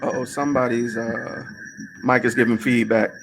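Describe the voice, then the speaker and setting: A man's voice: mid-range voice, little pitch movement, normal speed, vocal fry, background noise. A man hosting a casual online group discussion, talking emphatically, asking rhetorical questions and swearing.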